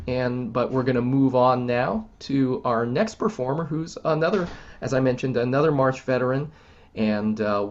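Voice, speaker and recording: A man hosts a live stream and introduces the next act in a relaxed, casual way, filling gaps with ums. His voice sits at an ordinary male pitch. It comes through a video call with a dull, lo-fi sound. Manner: relaxed, many ums and uhs. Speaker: host of a live-streamed show.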